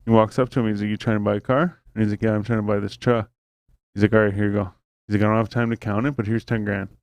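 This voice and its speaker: A man chats on his podcast with a smooth, resonant voice. He tells a rambling story full of swearing and fillers. The sound is dry and close, with no room around it. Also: fairly low pitch, little pitch movement, fast, a little mellow, no room sound. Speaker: podcast host. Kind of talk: casual podcast chat.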